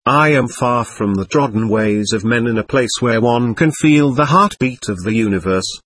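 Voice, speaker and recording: A man narrating a book in a measured, reflective reading style. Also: medium pitch, fairly bright tone. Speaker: audiobook narrator. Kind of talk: scripted narration.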